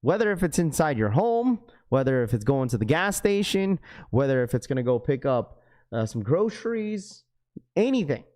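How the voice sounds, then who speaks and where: A man's voice: mid-range voice, very animated, normal speed, a little mellow. A young man hosting a live stream, chatting casually with viewers in a loose, rambling way. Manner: casual, addresses chat as bro, rambling. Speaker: livestream host.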